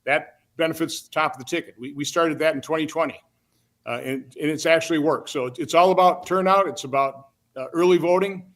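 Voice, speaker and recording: An older man from Wisconsin, a senator talking in an interview in a plain-spoken, halting way full of restarts. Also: fairly high pitch, fairly bright tone. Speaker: guest, senator.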